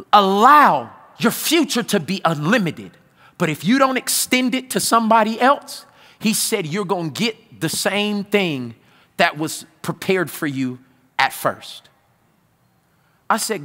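A man preaching a sermon as pastor, swinging from loud outbursts to hushed low passages. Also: in a large hall. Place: large church hall.

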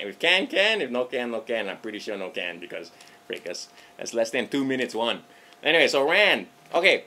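Man, Hawaiian Pidgin accent, bright tone, animated political vlog rant, swears freely. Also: mid-range voice, slight background noise. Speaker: political vlogger. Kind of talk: casual rant to camera.

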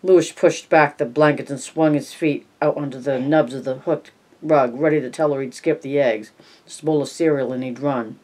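Measured audiobook narrator. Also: medium pitch, steady tone, darkish tone. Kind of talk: scripted narration.

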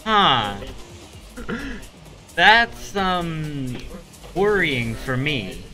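A teenage boy co-commentating a school esports match with dry, teasing banter and halting restarts. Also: fairly high pitch, big pitch swings, sharp tone, soft background music. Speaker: student co-commentator.

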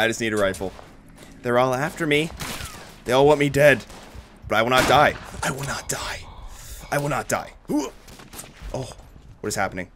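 Excitable man shouting over gameplay. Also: mid-range voice, noisy background. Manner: excitable, swearing, shouting battle cries. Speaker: gaming YouTuber. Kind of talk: gameplay commentary. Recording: game music and gunfire behind. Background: game music and gunfire.

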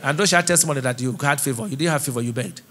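A man's voice: medium pitch, racing, pushed and bright. A middle-aged Nigerian man preaching a sermon and asking the congregation to fill in his words. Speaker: pastor. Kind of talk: sermon with call-and-response. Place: church auditorium.

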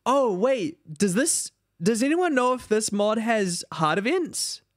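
A man streaming a game, rambling in animated casual commentary and talking to his chat. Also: sits high, a little slow, no echo, studio quality.

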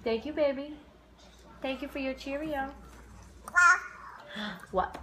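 A woman's voice: sits high, fairly even intonation, slow pace, darkish tone, slight background noise. A mother filming her baby on a phone camera, talking in cooing, sing-song baby talk with small gasps.

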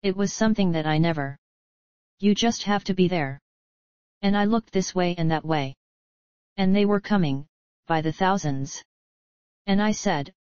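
A man preaching a sermon, earnestly retelling a vision with halting repetitions and acted-out quotes. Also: high voice, clear, resonant tone, no room sound. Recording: dull lo-fi archival sermon tape.

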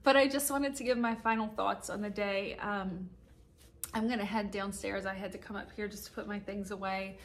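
A woman's voice: medium pitch, steady tone, moderate pace. A middle-aged woman casino vlogger talking casually and emotionally to her viewers, laughing through tears and restarting her sentences. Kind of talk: casual heartfelt vlog talk to viewers. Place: hotel room upstairs at a casino.

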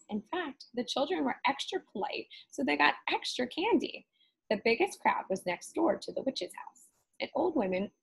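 A woman teacher reading a Halloween picture book aloud to children with expressive storytelling. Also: fairly high pitch, gravelly, breathy edge, rough recording.

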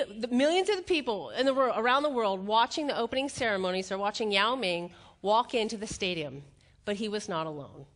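A middle-aged woman giving a motivational keynote on stage before a live audience, telling stories and acting out the quotes. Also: a little high. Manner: animated storytelling, acts out quotes, laughs at own jokes.

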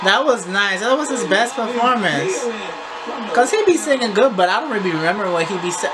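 A woman's voice: medium pitch, expressive, a little fast. A woman giving casual reaction commentary on a TV singing show, talking back to the screen with sass. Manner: sassy, talks back to the screen. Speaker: reaction vlogger.

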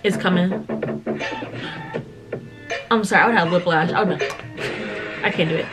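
A woman's voice: lowish voice, unhurried. A woman hosting a casual reaction video, chatty and gushing, often apologizing for getting carried away. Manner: gushing, chatty, keeps apologizing for her excitement. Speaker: reaction channel host. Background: music from the video she reacts to.

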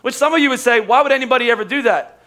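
A man's voice: extremely high pitch, rapid-fire, sharp tone. A man preaching a sermon as pastor, casual and conversational, with humor and acted-out quotes.

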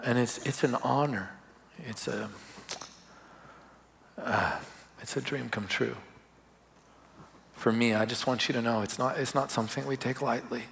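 A man's voice: medium pitch, fairly even intonation, a little slow, creaky, pauses often, slight background noise. A male pastor telling personal stories in a conversational sermon, laughing at times. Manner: conversational, warm storytelling with laughs. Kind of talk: sermon storytelling. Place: church service.

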